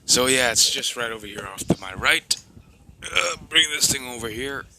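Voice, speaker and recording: A man's voice: mid-range voice, animated, normal speed, vocal fry, very noisy. A tired man narrating an improvised story at home, rambling with many fillers. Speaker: storyteller and video maker.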